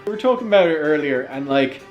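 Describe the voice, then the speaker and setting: A man's voice: on the high side, expressive, quick pace, dull audio. A man with an Irish accent, a guest who explains old folklore in a rambling, enthusiastic way. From Ireland. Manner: rambling, enthusiastic, filler-heavy. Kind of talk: casual chat, explaining. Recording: echoey room with faint music.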